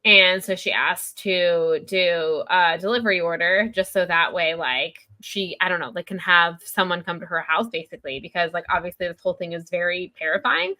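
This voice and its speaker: A woman's voice: on the low side, moderate pace, few pauses, pushed and bright. A woman co-hosting a podcast, chatting casually about a book and retelling scenes with lots of "like.". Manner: chatty, heavy use of "like", retells scenes with quoted lines. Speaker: podcast co-host.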